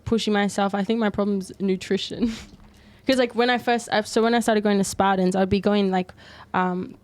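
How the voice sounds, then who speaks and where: A woman's voice: medium pitch, steady tone, normal speed, darkish tone, dry recording. A young woman with an Australian accent, a podcast guest chatting casually and laughing often, with plenty of fillers. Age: young adult. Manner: giggly, lots of fillers and likes. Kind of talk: casual chat.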